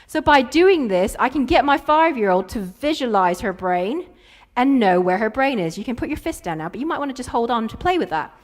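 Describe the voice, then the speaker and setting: Lively, playful woman. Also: a little high, brisk. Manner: playful storytelling with acted-out quotes. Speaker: keynote speaker. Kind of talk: conference keynote.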